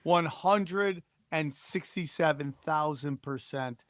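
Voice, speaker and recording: A man's voice: a little high, takes it slowly, no echo, studio quality. A man hosting a comedy podcast, joking and riffing casually. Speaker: podcast host.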